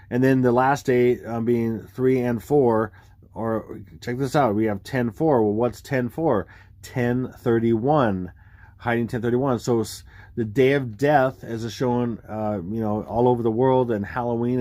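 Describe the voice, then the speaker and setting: A man explaining dates and numbers on screen in a rambling, excitable way, full of fillers and sudden exclamations. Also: medium pitch, no room sound. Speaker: video creator explaining number theories. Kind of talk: casual screen-share commentary.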